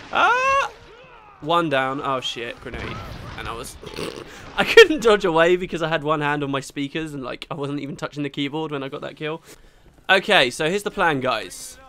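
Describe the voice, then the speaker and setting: A man's voice: fairly high pitch, bright, forceful tone, a little hiss or hum. A young man hosting a let's play at home, chatting and rambling as he reacts to the game, recorded on a desktop mic. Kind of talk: gameplay commentary. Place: home room during a thunderstorm. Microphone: desktop mic recorded in Audacity.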